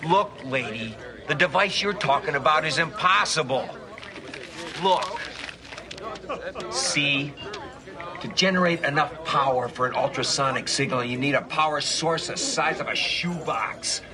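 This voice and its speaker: An actor playing MacGyver posing as a fussy nerdy expert, insistently dismissing an idea as impossible. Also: male voice, fairly high pitch, unhurried, close to an everyday voice. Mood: lecturing. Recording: TV clip with crowd noise behind.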